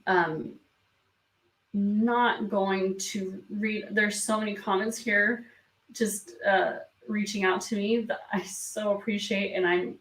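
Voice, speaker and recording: A woman hosts a live stream, reading comments in a soft, hesitant voice full of ums. She is emotional and near tears, and her voice has a gravelly edge. She sits back from the mic in an echoey room. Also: medium pitch. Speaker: beauty vlog host. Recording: roomy sound from a distance from the mic.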